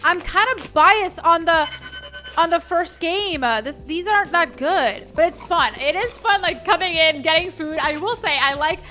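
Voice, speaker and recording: A bubbly young woman chatters through her gameplay in a very high, bright voice, full of gasps of "oh my gosh" and filler "like"s. Soft music plays behind her. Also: moderate pace. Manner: bubbly, excitable, lots of "oh my gosh" and "like". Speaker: gaming YouTuber. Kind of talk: casual gameplay commentary.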